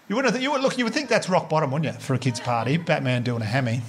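Animated Australian man telling stand-up stories. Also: racing, few pauses, heavy background noise. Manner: animated, swearing, acts out quoted voices with big jumps up in pitch. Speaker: stand-up comedian. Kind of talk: stand-up storytelling.

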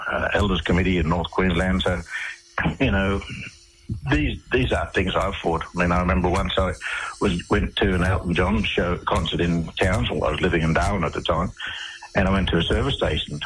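A man's voice: sits low, fairly bright tone, a little hiss or hum, low-quality recording. An Australian man, a guest on a radio interview, telling his story casually with many restarts and repeated words.

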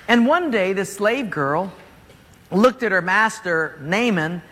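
A man preaches with a bright, high voice that leaps around in pitch, joking and acting out scenes as he goes. His voice rings through a large hall with a long reverb. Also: slow. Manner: animated, jokey, acts out scenes. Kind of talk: sermon storytelling.

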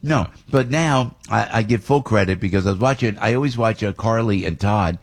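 A male radio host rambles through excitable, casual banter and breaks into laughter often. His low voice has a gravelly, husky edge. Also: fairly quick.

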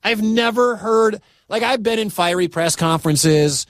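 A man from the American Midwest hosting a sports talk radio show, talking in an animated, incredulous, conversational way. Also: high-pitched, unhurried, no echo, studio quality.

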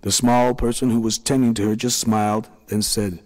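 A man narrating a story in a calm, measured way. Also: on the low side. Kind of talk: scripted narration. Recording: long reverb.

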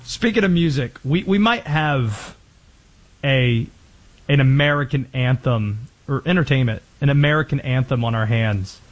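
A man hosting sports talk radio, energetic and opinionated, talking in quick bursts. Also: medium pitch.

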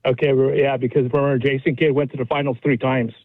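Boastful caller on a tinny phone line. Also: male voice, medium pitch, little pitch movement, quick pace. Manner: boastful, chatty, argumentative. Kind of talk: call-in to sports radio.

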